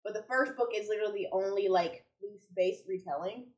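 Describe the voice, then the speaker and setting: A woman's voice: medium pitch, fairly quick. A woman from the United States rambling enthusiastically to camera at home about books she wants to read. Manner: chatty, rambling, enthusiastic, self-correcting. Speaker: book vlogger. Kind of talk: casual chat to camera. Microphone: camera a little way off. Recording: roomy sound from a distant mic.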